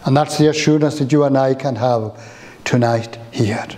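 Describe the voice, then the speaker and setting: A man preaching a sermon in a church, slow and emphatic, with rising exclamations. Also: medium pitch, darkish tone.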